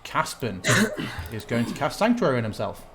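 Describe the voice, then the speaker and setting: Relaxed man running a tabletop game. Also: mid-range voice, moderate pace, crowd noise. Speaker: game master.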